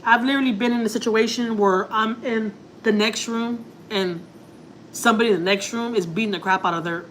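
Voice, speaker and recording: A woman's voice: medium pitch, fairly bright tone, slight background noise, rough recording. A woman family vlogger telling a story casually to her viewers, rambling and confiding, full of "like" and "you know". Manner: rambling, heavy use of filler words like "like" and "you know"; emotional, confiding.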